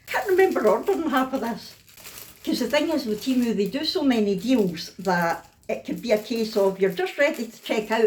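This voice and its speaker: A woman's voice: fairly high pitch, darkish tone, a little hiss or hum. Chatty Scottish woman in a roomy room. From Scotland. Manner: chatty and self-mocking, laughs often. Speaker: craft vlogger. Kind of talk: casual haul chat.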